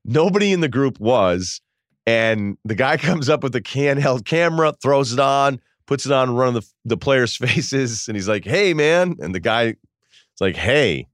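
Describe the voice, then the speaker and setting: A man's voice: medium pitch, a little slow, no room sound, clean studio sound. A man hosting a podcast, telling a story casually, laughing and quoting people as he goes. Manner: animated, laughing, quotes people in voices. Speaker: podcast host.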